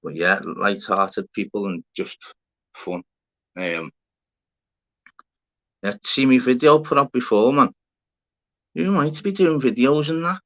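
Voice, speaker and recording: A man's voice: medium pitch, lively intonation, takes it slowly, pauses often. A man hosting a casual livestream, rambling, swearing and bantering with viewers in the chat. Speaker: livestream host. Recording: dull lo-fi stream audio.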